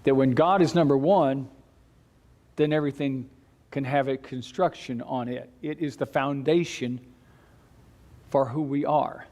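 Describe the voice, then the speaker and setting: A man teaching a church Bible class in a conversational way, with halting restarts and light chuckles. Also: medium pitch, steady tone, a little mellow.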